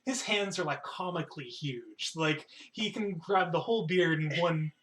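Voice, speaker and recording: A man's voice: fairly high pitch, normal speed, a bit bright. A man narrating a tabletop game as game master, rambling with lots of fillers.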